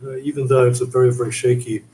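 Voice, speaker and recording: A male academic guest analysing events in a news interview, speaking in a measured, emphatic, explanatory way. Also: mid-range voice, level tone, a crowd in the background, rough recording.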